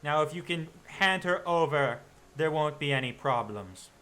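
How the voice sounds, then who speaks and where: A man's voice: on the high side, lively intonation, moderate pace, sharp tone. A man voicing a self-righteous male werewolf hunter who speaks in stiff, formal ultimatums. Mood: threatening.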